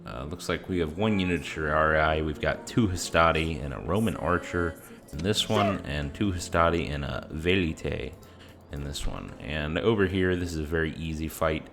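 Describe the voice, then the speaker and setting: Deep-voiced man narrating his gameplay. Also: moderate pace, gravelly, fairly bright tone. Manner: chatty, explains as he plays, many "uh" fillers. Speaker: gaming channel host. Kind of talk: casual game commentary.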